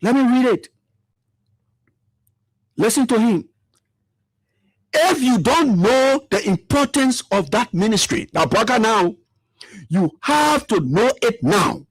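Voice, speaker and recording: A man's voice: extremely high pitch, very animated, slow pace, long pauses, breathy edge, no room sound. A man giving fiery political commentary, full of repetition and rhetorical questions. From Liberia.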